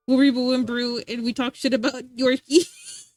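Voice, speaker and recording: A young American woman streaming live, chatting casually with viewers in an animated, rambling way and laughing often. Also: high-pitched, brisk, faint music behind. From United States. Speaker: livestreamer.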